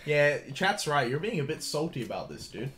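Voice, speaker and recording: A man's voice: a little high, sing-song, moderate pace, fairly bright tone, faint music behind. A man co-hosting a game stream, teasing his friend in a dry way. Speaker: co-host. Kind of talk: casual let's play banter.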